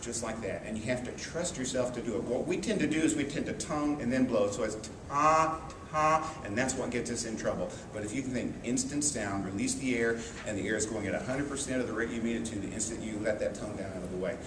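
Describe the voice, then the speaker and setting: A man's voice: mid-range voice, fast talker, hardly any pauses. A man teaching trumpet in an echoey room. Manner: relaxed explanatory, sings phrases on syllables. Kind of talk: music lesson explaining an etude. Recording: echoey, distant mic with room noise.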